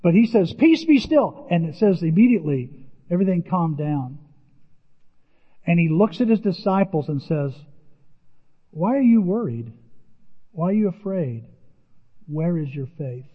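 An older man preaching a sermon in an animated way, jumping in pitch as he acts out the voices he quotes. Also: moderate pace, pauses often, breathy edge. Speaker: pastor. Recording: dull, lo-fi audio with long hall reverb.

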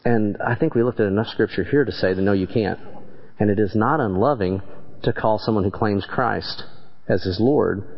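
A man's voice: fairly low pitch, moderate pace. A man preaching a sermon in a small church, telling his own story in an earnest, plainspoken way. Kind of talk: sermon with congregation questions. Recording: dull lo-fi church recording.

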